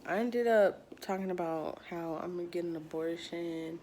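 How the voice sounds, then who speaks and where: A young woman vlogger casually telling a personal story, slangy and animated, acting out what people said with lots of "like.". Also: fairly low pitch, normal speed, a little hiss or hum. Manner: slangy, animated quoting, many "like"s.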